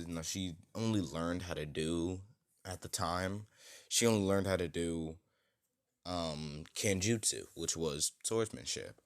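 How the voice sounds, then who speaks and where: A man's voice: deep voice, clean tone, no room sound, studio quality. A young man improvising a fan story, rambling and hesitant with many fillers.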